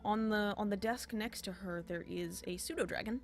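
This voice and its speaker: Woman game master narrating a tabletop game, lots of uh and um, halting. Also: medium pitch, faint music behind. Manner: halting, many fillers and restarts.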